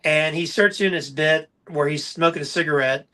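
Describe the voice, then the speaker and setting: A man hosting a casual podcast chat, his voice bright and a touch higher than most men's. He tells stories eagerly and keeps the talk lively and friendly. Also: normal speed. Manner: enthusiastic storyteller. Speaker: podcast host.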